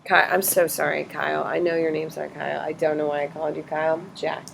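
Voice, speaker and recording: A woman teacher in a classroom, questioning students briskly and bluntly correcting their answers. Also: sits low, little pitch movement, creaky, a little hiss or hum.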